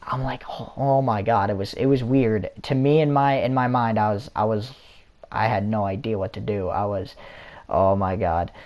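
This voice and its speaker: A man's voice: fairly low pitch, steady tone, normal speed, darkish tone. A young man casually telling a story in a vlog, rambling with lots of fillers and restarts. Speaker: vlogger. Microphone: console or headset mic.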